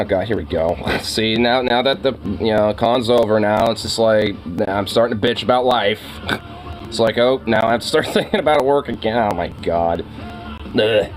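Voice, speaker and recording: A young man chatting casually with his viewers, rambling, laughing often and swearing freely. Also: on the low side. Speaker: streamer.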